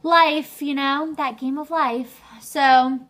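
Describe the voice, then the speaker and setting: A young woman with a fairly high voice talks straight to the camera as a vlogger. She chats casually and tells her story with lots of animation, slipping in the occasional swear word. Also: fairly even intonation, takes it slowly, a bit bright. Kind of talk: casual chat.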